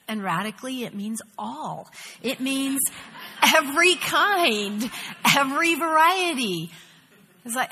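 A middle-aged woman teaching a women's Bible study, earnest and animated, acting out prayers as she goes. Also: fairly high pitch, breathy edge, long reverb tail. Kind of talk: devotional teaching.

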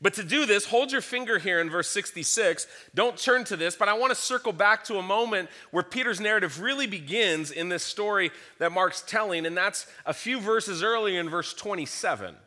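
A man's voice: high voice, moderate pace, hardly any pauses, sharp tone. A man preaching a sermon, earnestly teaching through a scripture passage and reading verses aloud. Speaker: pastor.

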